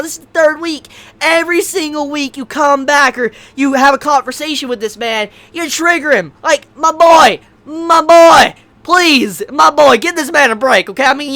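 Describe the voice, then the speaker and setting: Woman vlogger, high voice, animated and profane, prone to shouting bursts. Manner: animated, swearing, outbursts of shouting. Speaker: anime reviewer. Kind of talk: casual video review.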